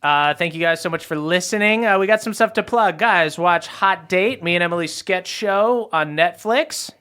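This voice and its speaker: A man serving as game master, narrating a tabletop game in a relaxed, jokey way with frequent fillers. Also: sits high, moderate pace, smooth. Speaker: game master and podcast host.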